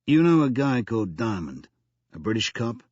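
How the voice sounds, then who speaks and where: A man's voice: mid-range voice, big pitch swings, normal speed, darkish tone, breathy edge, no room sound, muffled recording. A man voicing a skeptical male police lieutenant who asks terse, pressing questions.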